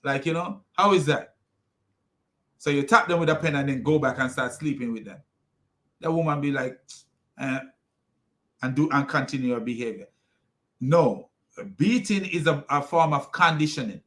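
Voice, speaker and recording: A man's voice: fairly high pitch, normal speed, fairly bright tone. A man giving critical commentary on a played clip, argumentative, with many fillers and restarts. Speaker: religious commentator.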